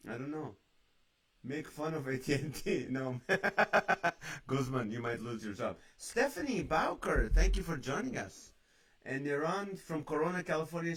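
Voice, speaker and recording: A man's voice: medium pitch, a bit bright. A man hosting a casual live-stream chat, joking, greeting viewers by name and reading out their comments. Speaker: host of a live stream show.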